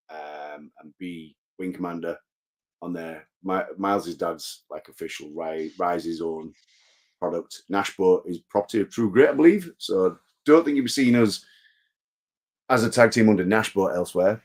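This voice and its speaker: A man's voice: low-pitched, a little mellow. A man, a wrestler guesting on an interview show, telling rambling self-deprecating stories. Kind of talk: casual interview chat.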